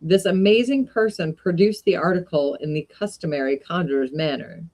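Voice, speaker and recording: A woman reading a classic short story aloud in an unhurried way, with brief casual asides. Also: fairly low pitch, darkish tone. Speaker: reader of short stories.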